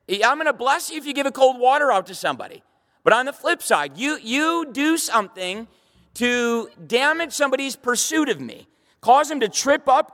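A middle-aged male pastor with an extremely high, slightly bright voice preaches a sermon to a live audience in a church hall. He is emphatic, stumbles over repeated words, and fires rhetorical questions at the room.

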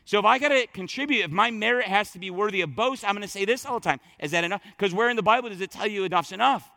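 A man preaching a sermon to his congregation, talking straight to them with emphatic, conversational delivery that drops low and surges back up. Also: rapid-fire, vocal fry, sharp tone. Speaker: pastor. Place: church sanctuary.

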